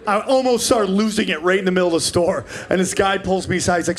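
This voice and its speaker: A man in his forties doing a stand-up comedy set on a club stage, brash and profane, jumping into characters in quick bursts. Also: high voice, steady tone. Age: 40s. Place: comedy club stage before a live audience.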